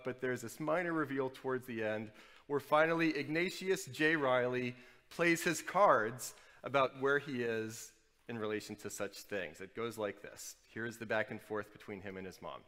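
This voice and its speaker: A man from New Orleans preaching a sermon, with animated storytelling and wry asides. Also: medium pitch, big-room sound. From New Orleans, USA. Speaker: pastor.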